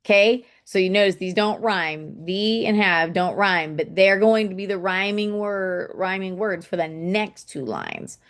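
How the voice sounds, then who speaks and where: Slow-talking, chatty woman teaching. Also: mid-range voice. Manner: chatty, says "okay" often, thinks aloud; taps out syllables and stresses aloud. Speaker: homeschool poetry teacher. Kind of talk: casual online writing lesson.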